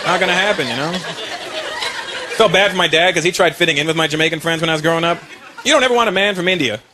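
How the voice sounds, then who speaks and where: A man from Canada doing live stand-up comedy, animated and punchy, bursting into shouted voices. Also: fairly high pitch, fast. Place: comedy venue stage. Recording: live show, roaring crowd and noise.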